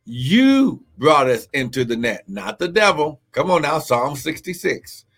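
A man's voice: on the high side, very animated, measured pace, a bit bright. A man preaching a live-streamed sermon, with fervent repetition, calls of glory and speaking in tongues, greeting online viewers by name.

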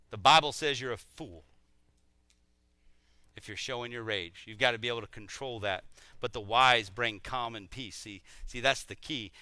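A middle-aged man preaching a sermon, animated and acting out quoted voices. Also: mid-range voice, clear, resonant tone, no echo. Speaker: pastor.

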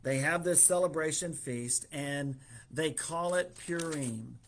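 A man's voice: fairly high pitch, slow, fairly bright tone, slight background noise. A man preaching in a casual way, retelling a story through quoted dialogue with fillers and small chuckles.

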